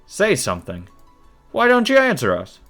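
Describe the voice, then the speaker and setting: A man voicing a rough, thuggish young male street punk who shouts and curses. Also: high-pitched, very animated, normal speed, faint music behind, voice pushed up. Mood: angry. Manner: shouting, cursing.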